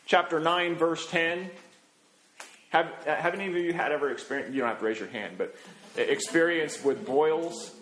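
A man's voice: fairly high pitch, normal speed, a bit bright, roomy sound, rough recording. A middle-aged male preacher giving a sermon in a folksy, anecdotal way, with many fillers and asides.

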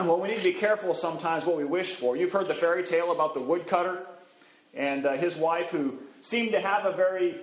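A man preaching from the pulpit, relaxed and folksy as he tells a story and plays its characters. His voice sits fairly high, and the recording carries the roomy echo of a church. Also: fairly quick. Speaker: pastor. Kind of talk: sermon storytelling.

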